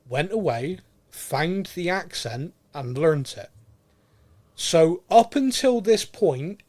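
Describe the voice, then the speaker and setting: A man with a Bristolian accent co-hosting a casual podcast, chatty and laughing at his own jokes. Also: fairly high pitch. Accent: Bristolian English. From England. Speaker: podcast co-host. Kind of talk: casual chat.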